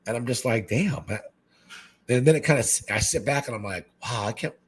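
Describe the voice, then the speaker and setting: Husky excitable man chatting. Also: brisk. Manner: excitable, says "man" constantly, jumps into high animated quoted voices. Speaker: guest, fish-keeping content creator. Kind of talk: casual podcast chat.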